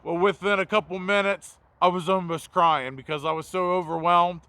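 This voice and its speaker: A man's voice: high voice, steady tone, moderate pace, pushed and bright, no echo. A man who works as a mobile mechanic, telling a confessional story in a blunt, profane, self-mocking way. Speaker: mobile mechanic and video host.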